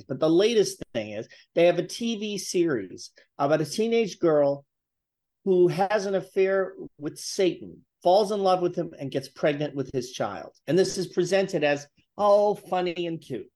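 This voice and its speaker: A man's voice: high voice, expressive, normal speed, darkish tone. A man, a guest writer on a talk show, speaking in an indignant, emphatic way.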